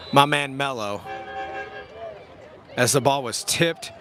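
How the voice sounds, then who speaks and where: Faint music plays behind a young play-by-play man whose mid-range voice is pushed and bright, fairly even, a little slow and full of pauses. He casually calls an outdoor youth football game with laid-back, slangy humor that often turns on himself.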